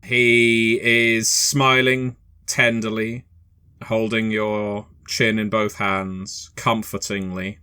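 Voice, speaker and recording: A man narrating a tabletop horror game as game master. His delivery is measured and unhurried. The voice sits low but sounds bright and forceful. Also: level tone, smooth, no room sound, studio quality.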